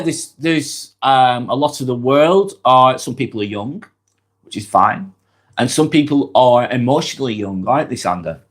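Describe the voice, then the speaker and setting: A man from northwest England with a Lancashire accent, hosting a live-stream vlog while nursing a cold. His pitch rises and dips a lot as he reads out viewer comments and answers them in a chatty, direct way. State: has a cold.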